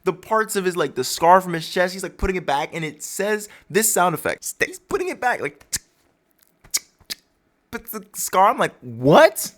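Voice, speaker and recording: A man's voice: high-pitched, expressive, normal speed, a bit bright. A man casually breaking down a comic chapter for his channel in a rambling, storytelling way. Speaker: manga recap YouTuber.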